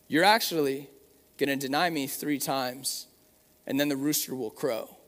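A man voicing a calm, gently knowing male teacher in a plain, even manner. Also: mid-range voice, unhurried, natural voice. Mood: gentle. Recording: long hall reverb.

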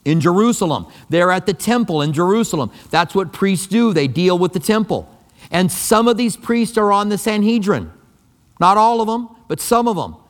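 A man's voice: high-pitched, lively intonation, moderate pace. A pastor preaching a sermon in a conversational, emphatic way, often repeating his key phrases. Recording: long reverb of a large hall.

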